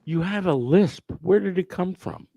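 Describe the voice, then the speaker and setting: A man's voice: high-pitched, lively intonation, moderate pace, vocal fry, dark tone, no room sound, muffled recording. A man co-hosting a morning talk show, teasing and sarcastic with his co-host. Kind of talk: mocking on-air banter.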